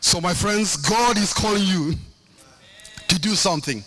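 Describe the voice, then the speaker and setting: A man's voice: high voice, measured pace, sharp tone. A middle-aged man preaching a sermon, impassioned, with a sing-song cadence and lots of repetition.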